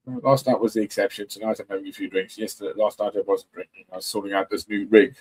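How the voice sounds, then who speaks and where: Husky laid-back man, swearing casually. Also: on the low side, steady tone, fast talker, darkish tone, poor audio. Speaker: panel guest. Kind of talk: casual chat.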